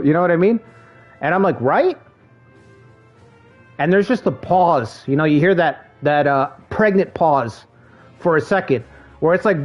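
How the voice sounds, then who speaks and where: Male streamer, a bit high-pitched, loose and animated, quick to curse; muffled recording with soft music underneath. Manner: animated storytelling, swears freely. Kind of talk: casual gaming stream chat. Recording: dull lo-fi stream audio with faint game music.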